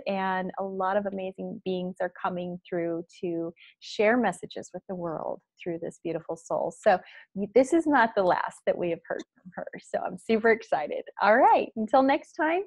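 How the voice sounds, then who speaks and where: A woman coach speaks with earnest, effusive warmth about transforming lives. Her voice sits at a middle pitch and sounds dry and close, with little room around it. It is a casual video chat. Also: normal speed, no room sound. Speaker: host, spiritual coach.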